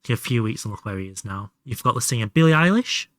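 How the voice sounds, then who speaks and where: A young Hull Yorkshire gamer from Hull, England, talks fast in a mid-range, fairly bright voice with lively intonation. He chats, swears and laughs in asides during his live stream, captured in a dry, clean studio recording.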